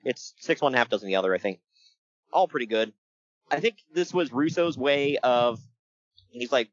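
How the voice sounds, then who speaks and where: Animated jokey man recapping wrestling. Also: medium pitch, moderate pace, pauses often, no room sound, muffled recording. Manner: animated, jokey, laughs often. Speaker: podcast co-host recapping wrestling. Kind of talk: casual chat.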